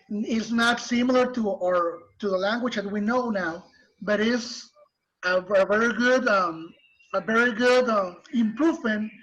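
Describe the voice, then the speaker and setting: Male teacher, patient and unhurried lecture delivery over a muffled lo-fi line. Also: high-pitched, a bit bright. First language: Spanish. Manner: patient, explains slowly with restarts. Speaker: literature teacher. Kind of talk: online class lecture. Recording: muffled lo-fi recording.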